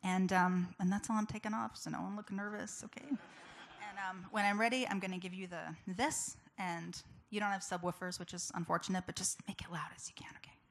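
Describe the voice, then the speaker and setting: A woman's voice: medium pitch, steady tone, fairly quick, creaky, slight background noise. A woman giving an earnest, personal talk to a live audience, chatty and full of fillers. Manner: earnest, conversational, with many fillers. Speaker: public speaker.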